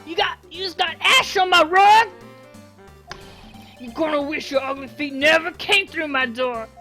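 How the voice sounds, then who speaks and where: A woman voicing a loud brutish male mobster boss who yells threats in a tough-guy drawl. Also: sits high, a little slow. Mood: furious, threatening. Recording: game music behind.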